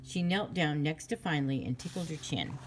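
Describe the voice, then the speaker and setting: A woman narrating a children's chapter book in a clear, steady storytelling manner. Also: deep voice, fairly quick, slight background noise.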